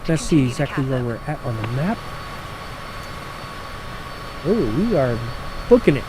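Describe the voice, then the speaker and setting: A man, hosting a gaming channel and telling stories in a folksy, animated way, grumbling and swearing as he plays. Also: mid-range voice, measured pace, low-quality recording. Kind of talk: casual storytelling while playing.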